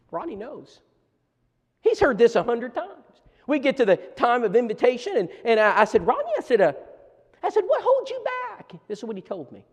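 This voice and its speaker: A man preacher telling lively stories at a church seminar, stumbling over restarts as he talks. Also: on the high side. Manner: animated storytelling with many restarts. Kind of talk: storytelling seminar talk. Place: church auditorium. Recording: long church hall reverb.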